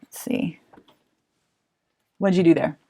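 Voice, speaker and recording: A woman teacher with a fairly low voice walks parents through a hands-on counting activity. She is chatty and encouraging, and she thinks aloud as she goes. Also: fairly even intonation, slow, warm tone, breathy edge. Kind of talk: explaining a math activity to parents.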